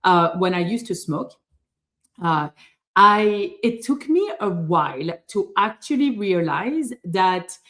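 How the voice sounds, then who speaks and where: A woman's voice: mid-range voice, lively intonation, takes it slowly, fairly bright tone. A middle-aged woman from France with a French accent, a rheumatologist talking live to her viewers, hesitant with many fillers and restarts. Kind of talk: live-stream talk to viewers.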